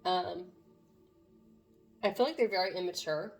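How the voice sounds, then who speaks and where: A woman's voice: on the low side, unhurried, pauses often, a little hiss or hum. A woman doing a casual tarot reading to camera, talking to viewers in an earnest, meandering way. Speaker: tarot reader.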